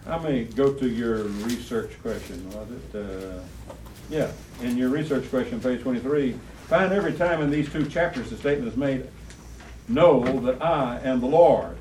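A man's voice: medium pitch, normal speed, a little mellow. Man teaching a Bible class, roomy and distant. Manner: quizzes the class, repeats key phrases with emphasis. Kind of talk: Bible study lesson. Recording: roomy, distant, faint room noise.

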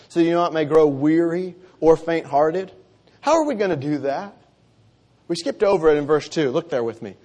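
High-voiced earnest male preacher. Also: darkish tone. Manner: earnest, emphatic, dropping low for solemn lines. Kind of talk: sermon.

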